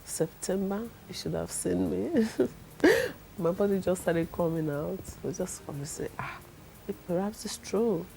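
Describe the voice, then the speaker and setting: A middle-aged woman, telling her testimony in a lively way and acting out the people she quotes. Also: fairly low pitch, a little slow, vocal fry, a little hiss or hum, poor audio. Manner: acts out the people she quotes, laughs often. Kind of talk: animated storytelling.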